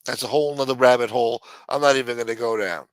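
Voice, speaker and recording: A man's voice: medium pitch, fast talker, no room sound. A middle-aged man hosting a live stream, ranting bluntly and swearing constantly. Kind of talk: profane ranting monologue.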